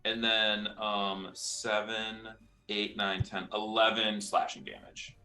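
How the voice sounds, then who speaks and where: A man playing a tabletop game, chatty, thinking aloud and counting his dice out loud. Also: lowish voice, level tone, slow, faint music behind. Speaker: player. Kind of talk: tabletop gaming chat.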